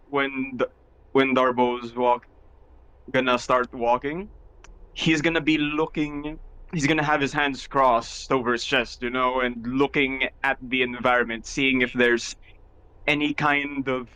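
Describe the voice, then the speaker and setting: Bright, smooth-voiced man, flat delivery. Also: medium pitch, poor audio. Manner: relaxed, describes his character's actions. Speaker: player. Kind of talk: tabletop role-play.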